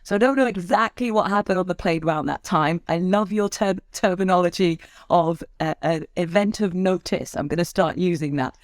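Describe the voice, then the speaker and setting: A woman's voice: on the low side, normal speed, few pauses, dry recording, studio quality. A woman who works as a speaker trainer, talking expressively as a podcast guest and shifting her tone to make her points. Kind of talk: conversational interview.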